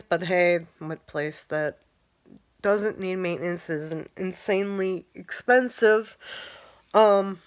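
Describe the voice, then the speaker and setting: A woman's voice: mid-range voice, fairly bright tone. Heated, swearing young woman ranting. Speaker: vlogger. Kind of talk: angry personal rant.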